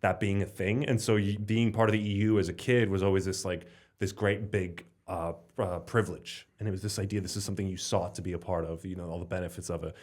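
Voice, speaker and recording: A man's voice: low-pitched, steady tone, fast talker, a little mellow. A young man from Slovenia, a stand-up comedian, chatting as a podcast guest in a rambling, jokey, sweary way. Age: 20s. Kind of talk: casual podcast interview.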